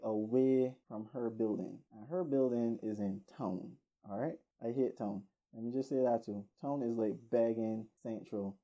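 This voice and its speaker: A man telling a rambling, animated story casually, laughing now and then, in a dull lo-fi recording. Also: mid-range voice.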